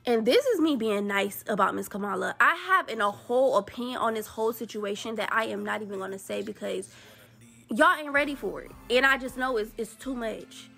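Blunt, exasperated woman with a gravelly voice. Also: fairly high pitch, brisk, fairly bright tone, faint music behind. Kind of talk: political commentary rant.

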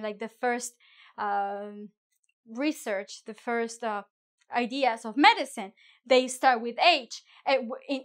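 Woman teacher, bright tone, playful chatty delivery, lots of fillers. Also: high-pitched. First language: Spanish. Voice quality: chatty, many fillers and restarts, playful asides. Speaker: Spanish teacher. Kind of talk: casual online language lesson.

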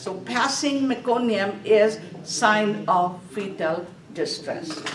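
A slightly high-voiced woman lectures a nursing class, quizzing students rhetorically and supplying the answers while repeating key terms. The classroom recording picks up echo from a far-off mic and a bit of hiss or hum.

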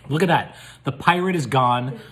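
A man's voice: mid-range voice, moderate pace, bright, forceful tone. A man co-hosting a casual vlog, playful and jokey, laughing often as he gets his makeup done. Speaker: vlog co-host getting a makeup demo. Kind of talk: joking casual chat.

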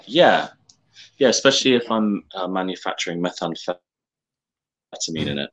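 A man's voice: deep voice, expressive, normal speed, fairly bright tone. A man talking on a video call as a coaching client, hesitant and wry, often restarting his sentences.

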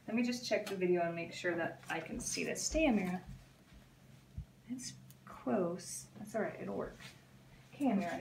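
A woman's voice: mid-range voice, a little hiss or hum. Echoey woman coaxing a dog from afar. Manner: coaxing and encouraging, repeats short cues to a dog. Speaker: dog trainer. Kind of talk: live training session with commentary to camera. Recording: echoey, from a distant camera mic.

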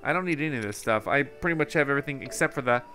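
A man's voice: medium pitch, animated, racing, sharp tone, soft background music. A man doing casual let's play commentary, musing to himself and easily distracted. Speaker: gaming video host.

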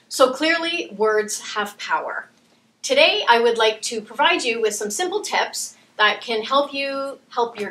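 A middle-aged woman delivering scripted parenting tips in a calm, encouraging tone. Her voice is bright and forward. She sounds a little off-mic in a room with noticeable echo. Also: a little high, distant mic. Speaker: early years parenting facilitator.

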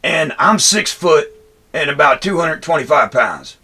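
A man vents about a run-in in a rambling, heated rant, swearing freely and repeatedly restarting his sentences. His voice has a bright, forward edge with a husky grain. He speaks as a Marine veteran talking straight to his viewers. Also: fairly high pitch, animated, a little slow. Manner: profane, angry, rambling with restarts and "anyway". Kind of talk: heated personal storytelling rant.

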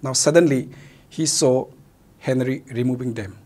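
A man's voice: medium pitch, normal speed, a little mellow. A male teacher with a Manipuri accent, a native Meitei speaker, explaining a play in a recorded lesson, mixing Meitei and English and glossing words.

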